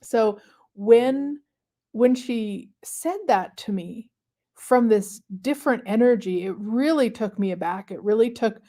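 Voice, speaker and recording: A woman hosting a live stream, talking casually and reflectively to viewers with many pauses and fillers. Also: a little high, warm tone. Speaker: host of a manifestation livestream.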